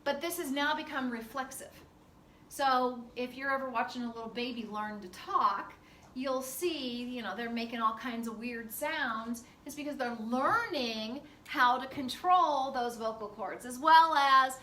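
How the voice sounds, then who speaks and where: A woman's voice: sits high, unhurried, sharp tone, roomy sound. Woman teaching class, chatty w lots of fillers, faint background noise, sounds far from the mic. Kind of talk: classroom lecture.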